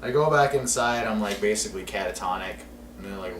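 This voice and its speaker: A low-pitched man tells a rambling, profanity-laced story on a casual podcast. He sounds set back from the mic in an echoey room with noticeable background noise. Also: fairly even intonation, fast, recorded from a distance. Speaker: podcast co-host.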